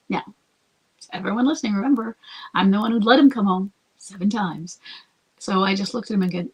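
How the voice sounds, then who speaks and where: This husky, medium-pitched woman speaks at a moderate pace, heard through a low-quality recording. As a podcast host and coach, she talks through a listener's question conversationally, musing aloud and occasionally slipping into a whisper.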